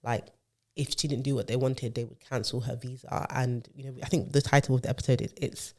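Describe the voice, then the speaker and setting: A podcast co-host chats casually, rambling through a long story full of fillers and self-corrections. The ordinary middle-pitch voice is steady in tone, a little fast, and a little mellow.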